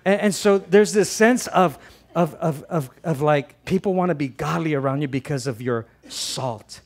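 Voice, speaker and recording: A man preaching a sermon as a pastor, conversational and animated, often repeating words and swinging between loud emphasis and soft asides. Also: on the high side, moderate pace.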